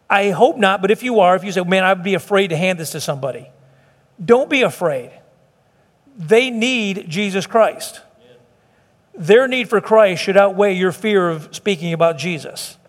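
Middle-aged pastor, conversational sermon, high-pitched, reverberant sanctuary. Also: male voice. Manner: conversational preaching with restarts and acted quotes. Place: church sanctuary. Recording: long hall reverb.

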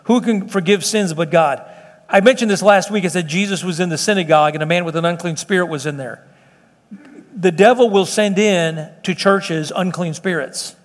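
Man, middle-aged, pastor, sermon, earnest, conversational, high-pitched, church hall reverb. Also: fairly quick. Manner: earnest, repetitive, conversational preaching with restarts. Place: church meeting room.

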